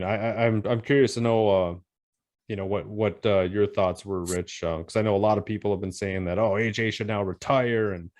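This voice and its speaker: A man with a fairly low voice co-hosting a casual sports podcast. He talks haltingly, with frequent fillers and restarts as he works through his thoughts. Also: darkish tone. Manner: hesitant, many ums and restarts. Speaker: podcast co-host. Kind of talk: casual boxing talk.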